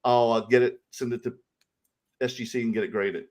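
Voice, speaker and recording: A middle-aged man with a Southern US accent, co-hosting a casual card collecting livestream, greeting viewers with loud sing-song shout-outs. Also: medium pitch, fairly even intonation, fairly quick. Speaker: co-host of a card collecting show.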